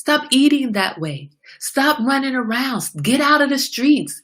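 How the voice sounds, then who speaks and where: A middle-aged woman hosting her own show, giving a candid, preachy motivational talk about slowing down. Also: sits high, lively intonation, a bit bright. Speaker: host. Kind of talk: casual motivational monologue.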